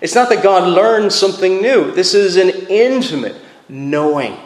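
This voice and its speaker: A man with a slightly high voice preaches to his congregation, earnest and emphatic, doubling words as he presses each point. His voice rings through a roomy church with a long, lingering reverb. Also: expressive, normal speed. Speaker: pastor. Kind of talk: sermon. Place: church sanctuary. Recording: echoey hall with long reverb.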